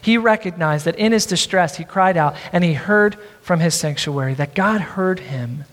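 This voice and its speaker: A man's voice: fairly high pitch, normal speed, a bit bright. A man preaching a sermon, reading scripture aloud and calling on the congregation to repeat the words after him. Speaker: pastor. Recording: long hall reverb.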